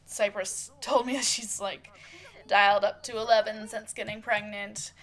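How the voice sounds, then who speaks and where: A woman's voice: mid-range voice, steady tone, unhurried, a bit bright, lightly acted. A woman voicing an easygoing young florist who talks casually and teases lightly.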